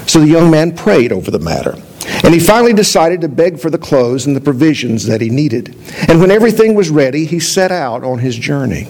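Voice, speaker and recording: Pastor preaching a measured sermon. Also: male voice, a little high, darkish tone. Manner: measured, storytelling delivery.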